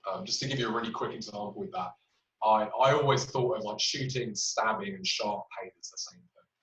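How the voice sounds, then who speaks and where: Here a clinical trainer, a man with a voice on the low side, brisk and fairly bright, teaches communication skills in a webinar. He draws on patient examples and uses frequent fillers. The audio from the webinar recording is roomy, distant and dull.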